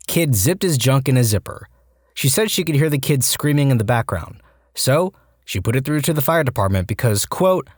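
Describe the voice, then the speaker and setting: A man reading reddit stories aloud in an even, steady voice. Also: medium pitch, dry recording, clean studio sound. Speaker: reddit story narrator.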